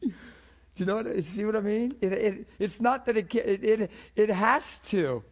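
A man's voice: high-pitched, moderate pace. A man teaching a class in a sermon style, conversational and often checking in with his listeners, repeating words as he builds a point.

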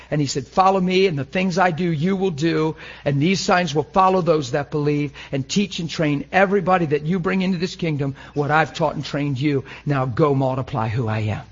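Husky emotional preacher man. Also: on the high side, lo-fi sound. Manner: emotional, swings from loud to hushed. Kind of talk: sermon.

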